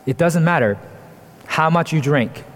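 A man's voice: fairly high pitch, animated, unhurried, big-room sound. A man preaching a sermon in an earnest, expository way, asking the congregation rhetorical questions.

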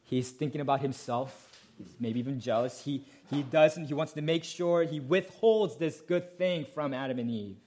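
A man's voice: mid-range voice, moderate pace, darkish tone. Male pastor, mid-range voice, explanatory sermon delivery with rhetorical questions.

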